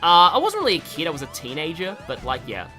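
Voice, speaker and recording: A streamer with an Australian accent talks through a game in a loose, rambling way, full of fillers and restarts. The voice is bright, and the pitch moves up and down a lot. Faint game music plays in the background. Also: huge pitch swings, fast. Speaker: gaming streamer. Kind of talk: casual let's-play commentary.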